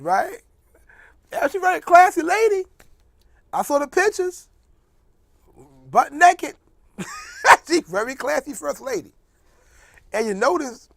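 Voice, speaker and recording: A man's voice: extremely high pitch, creaky, a bit bright, no room sound. A man hosting a casual comedic monologue, joking and mocking as he rambles, laughing often. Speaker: host.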